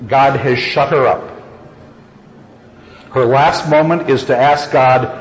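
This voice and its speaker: Slow, expressive male lecturer in a hall. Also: mid-range voice, a little hiss or hum. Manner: slow, expressive dramatic reading. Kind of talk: reading aloud with commentary. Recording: lo-fi echoey hall.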